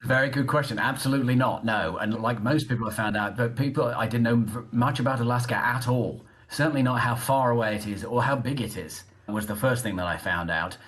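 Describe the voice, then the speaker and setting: A middle-aged British man, a journalist and author, chatting on a video call interview and telling his story in a lively way. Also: mid-range voice, a little fast, hardly any pauses. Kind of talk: interview conversation.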